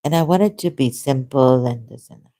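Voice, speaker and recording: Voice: mid-range voice, brisk, warm tone. A speaker in casual conversation who talks in a rambling, hesitant, self-deprecating way. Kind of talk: casual debate chat.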